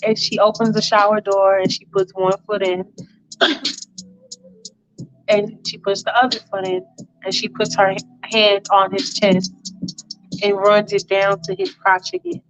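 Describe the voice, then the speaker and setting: A woman's voice: mid-range voice, flat delivery, unhurried, long pauses, highs cut off, soft background music. A woman hosting a casual fan-fiction storytelling show, chatty and repetitive, often talking straight to her listeners.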